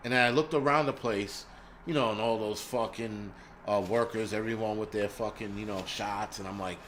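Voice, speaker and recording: A man's voice: on the low side, steady tone, moderate pace, fairly bright tone, slight background noise. A middle-aged man, hosting a live stream in casual chat, blunt and profane as he vents.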